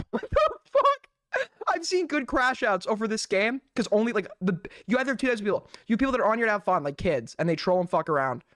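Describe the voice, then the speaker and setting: A man's voice: high-pitched, animated, fast, hardly any pauses, fairly bright tone, no echo, clean studio sound. A man hosting a stream, reacting to a clip with sarcastic, laughing commentary and casual swearing. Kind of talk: mocking live commentary.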